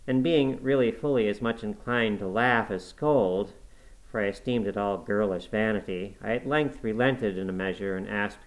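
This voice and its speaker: A man with a fairly low voice narrates a classic novel. His reading is measured and expressive, in the manner of an audiobook. He keeps the pace steady through long sentences. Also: rough recording. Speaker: audiobook reader.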